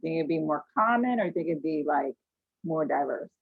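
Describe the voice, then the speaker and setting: A woman with a low, husky voice leads an online class, questioning her students and telling stories with animation. The sound is dry and thin, like a tinny video call line. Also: expressive, normal speed, no room sound. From United States. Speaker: teacher.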